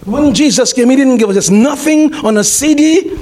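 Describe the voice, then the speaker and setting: A man preaching a sermon as pastor, repeating his phrases, calling to the congregation and rising to shouts. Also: very high voice, moderate pace, a little hiss or hum. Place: church.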